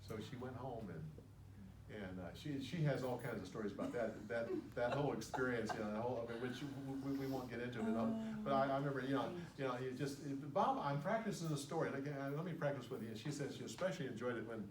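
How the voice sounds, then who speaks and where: A man leading a storytelling training recounts a story in a casual, halting way, full of fillers and restarts. His voice sounds distant and echoey, with background noise in the room. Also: mid-range voice.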